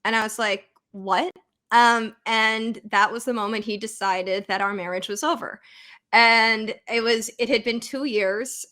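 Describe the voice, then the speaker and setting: A woman's voice: fairly high pitch, bright, forceful tone. An American woman in her thirties, a psychologist guest on a podcast, speaking candidly and conversationally as she retells her own thoughts. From United States. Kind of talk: podcast interview.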